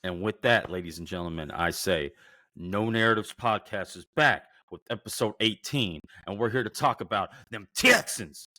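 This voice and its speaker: Deep-voiced man in profane sports banter. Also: moderate pace, no echo, clean studio sound. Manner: profane, excitable fan banter. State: voice worn from shouting. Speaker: podcast co-host. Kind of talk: casual sports chat.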